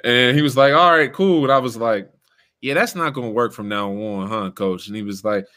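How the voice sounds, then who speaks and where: A young man hosting a relaxed conversation, telling his story with lots of slang and an easy back-and-forth rhythm. His voice sits at an ordinary middle pitch and jumps up high when he gets excited. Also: moderate pace. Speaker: podcast host, former player. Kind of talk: casual storytelling chat.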